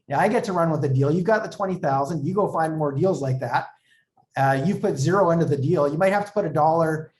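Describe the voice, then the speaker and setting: A man's voice: a little high, darkish tone. A man who coaches real estate investors, explaining as an interview guest and telling stories with quoted dialogue. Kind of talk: conversational explaining with anecdotes.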